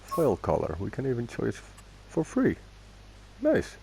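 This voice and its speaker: A man's voice: mid-range voice, very animated, moderate pace, gravelly, warm tone, a little hiss or hum. A man casually commenting on his own gameplay, thinking aloud as he goes and correcting himself along the way. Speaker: gaming video host.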